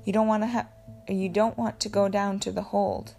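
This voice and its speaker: A man's voice: sits high, level tone, normal speed, creaky, a little mellow, soft background music. A woman voicing a shy, humble old sailor who speaks deferentially.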